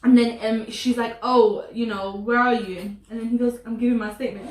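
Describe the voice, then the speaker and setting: A woman chatting casually about a drama, animated and laughing as she acts out quotes. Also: fairly high pitch, brisk, few pauses, a little hiss or hum. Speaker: co-host. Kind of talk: casual chat reviewing a drama. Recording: echoey room, a bit far from the mic.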